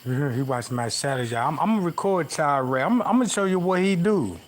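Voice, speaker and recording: A man's voice: a little high, animated, brisk. A man livestreaming from outdoors at night on a phone camera, telling a rambling comic story to his viewers in heavy slang and often asking if they know what he is talking about.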